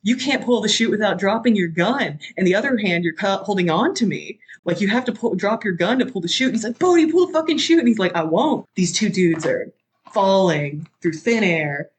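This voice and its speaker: Podcast guest rambling through a film plot, voice jumping way up for the quotes, super animated. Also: moderate pace. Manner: excitable, acts out quotes with big pitch jumps. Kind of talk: casual chat, animated film recap.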